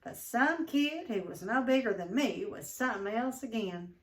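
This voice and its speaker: A woman teacher reading a novel aloud to her class in an expressive way, pausing to ask the class questions. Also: a little high, recorded from a distance.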